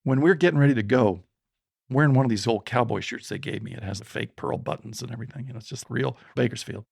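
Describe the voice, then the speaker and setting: A man in his sixties, a podcast guest telling a story from his childhood in an animated way and voicing the people in it. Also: medium pitch, fast, vocal fry, slightly rough, no room sound, clean studio sound. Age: 60s.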